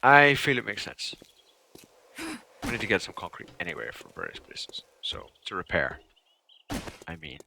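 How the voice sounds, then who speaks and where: A man's voice: lowish voice, huge pitch swings, normal speed, vocal fry, long pauses, bright, forceful tone, slight background noise. A young man streaming a survival game live, chatting casually, swearing now and then, grumbling at the game and answering his chat. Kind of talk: live gameplay commentary.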